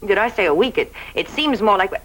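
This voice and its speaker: A woman's voice: medium pitch, animated, a little fast, a bit bright, poor audio. An actress playing an anxious, loyal young woman, talking breathlessly and stammering eagerly.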